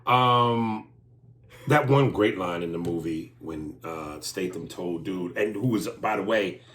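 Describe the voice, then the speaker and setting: A man's voice: deep voice, takes it slowly, fairly bright tone, reverberant, slight background noise. A man co-hosting a podcast in casual chat, crude and joking, often acting out lines. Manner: crude, joking, acts out lines in silly voices. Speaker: podcast co-host.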